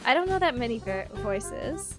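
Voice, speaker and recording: A woman's voice: a little high, big pitch swings, normal speed, music in the background. A woman streamer chatting casually and giggling with viewers.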